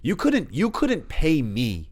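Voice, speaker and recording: A man's voice: a little high, huge pitch swings, takes it slowly, husky. A man of about thirty from the North Shore of Massachusetts, a podcast guest talking in a laid-back, rambling way with many fillers. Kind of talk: casual chat.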